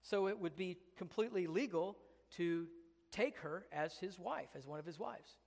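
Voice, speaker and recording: Man, pastor, sermon, high voice, emphatic conversational preaching, rhetorical questions, reverberant church hall. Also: moderate pace, gravelly.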